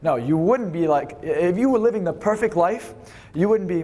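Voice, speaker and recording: A man leading a live seminar, energetic and fast, swearing freely as he instructs the room. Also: sits high. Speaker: seminar speaker.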